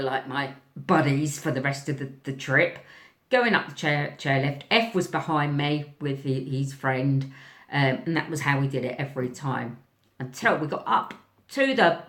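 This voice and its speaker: A woman, a teacher, telling a story to camera in a casual, animated way, acting out voices and often clearing her throat. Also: deep voice, roomy sound.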